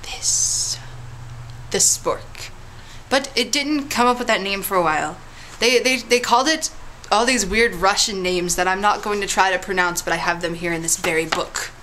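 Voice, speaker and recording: A woman's voice: medium pitch, fairly quick, hardly any pauses, pushed and bright, a little hiss or hum, low-quality recording. Playful woman vlogger, teasing tall tale. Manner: playful, teasing storyteller with swoops into big dramatic tones. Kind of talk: casual vlog with a mock history tale.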